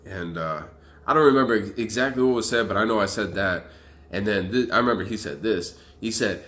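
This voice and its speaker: A man's voice: on the low side, a little fast. A young man telling his story to camera in a casual, profane, rambling way. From Arizona. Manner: profane, animated, loose and rambling. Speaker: vlogger.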